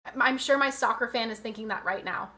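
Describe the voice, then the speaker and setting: A woman's voice: a little high, a little fast, sharp tone. A woman in her twenties chatting casually on a livestream, reading out and answering chat with frequent laughs. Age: 20s.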